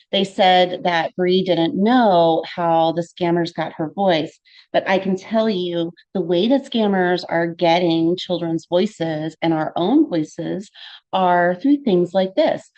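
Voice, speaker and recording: A woman's voice: fairly low pitch, a little mellow, dull audio. A woman presenting a live-streamed safety training, speaking in an earnest, warning way with fillers and asides. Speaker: trainer giving a free online safety session.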